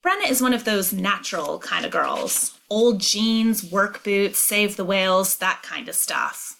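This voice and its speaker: A woman teacher reading a novel aloud and explaining it, clear and emphatic. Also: mid-range voice, fairly bright tone.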